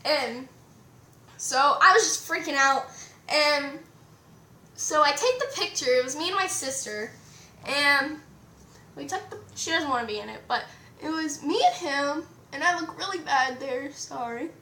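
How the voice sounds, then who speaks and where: A teenage girl vlogging a rambling, excited story with lots of "like" and fillers. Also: high-pitched, measured pace, a little hiss or hum. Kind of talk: casual storytime vlog. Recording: echoey room.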